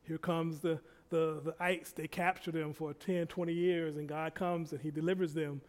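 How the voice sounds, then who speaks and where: Preaching a sermon in a high, ringing voice, a man repeats key phrases over and over. His tone is level and his pace moderate, while his loudness swells and drops as he drives each point home.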